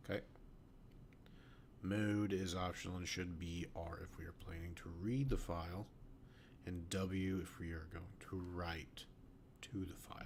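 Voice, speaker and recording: A man's voice: low voice, fairly even intonation, unhurried, a little hiss or hum. A sleepy man studying code, reading notes half-whispered and thinking aloud. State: sleepy, yawning. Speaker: student learning to code.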